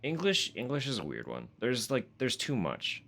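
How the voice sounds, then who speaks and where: A man's voice: mid-range voice, huge pitch swings, moderate pace, gravelly, a bit bright. A Canadian man streaming a horror game live, reading in-game text aloud and chatting in a self-deprecating way, swearing and laughing often.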